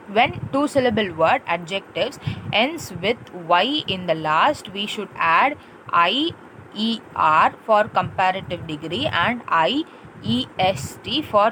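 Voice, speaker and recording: A woman's voice: medium pitch, a bit bright, rough recording. Woman teacher, repetitive classroom explaining, faint road noise. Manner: patient, repetitive explaining with spelled-out letters and check-in questions. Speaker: English teacher. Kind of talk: classroom grammar lesson.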